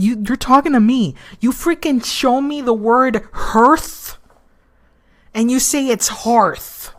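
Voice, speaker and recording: A woman streaming a game live, chatting casually and profanely, teasing a friend, repeating herself for emphasis and breaking into loud laughter. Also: fairly high pitch, slow.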